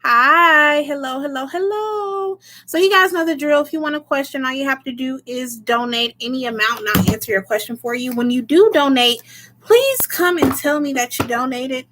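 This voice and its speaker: A woman with a fairly high voice hosts a casual tarot livestream. She chats freely, laughs often and answers her viewers one by one. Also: normal speed, sharp tone, slight background noise.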